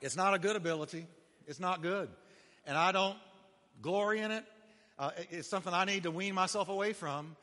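Male pastor, sermon delivery, emphatic with shouted peaks; higher, piercing voice; reverberant hall. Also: brisk.

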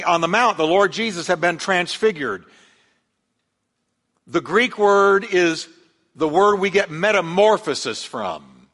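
A man preaches a sermon in a fairly high voice, building up the story and putting on the voices of the people in it. The sound rings with a long reverb from a large hall. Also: a little slow. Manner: animated storytelling, acts out quoted voices. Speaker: pastor.

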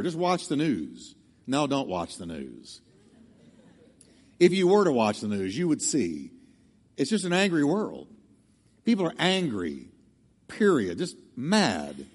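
A man's voice: medium pitch, a little mellow, long reverb tail. A male pastor preaching a sermon emphatically, drawing the congregation into call-and-response. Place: church sanctuary.

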